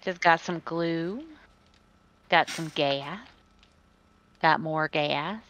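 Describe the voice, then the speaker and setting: A woman in casual multiplayer game chat, listing loot in an unhurried, amused way. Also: sits low, fairly bright tone, dull audio, a little hiss or hum.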